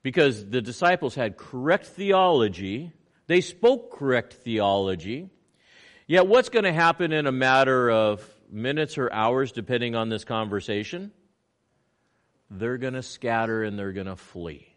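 A man preaching a sermon, animated, acting out little scenes in quoted voices. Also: unhurried. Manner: animated preaching with swings in pitch and loudness. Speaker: pastor.

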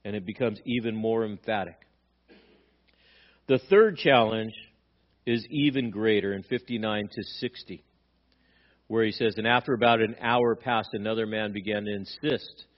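A man's voice: lowish voice, moderate pace, long pauses, highs cut off. A male pastor preaching a sermon, asking rhetorical questions and acting out quoted dialogue with emphasis.

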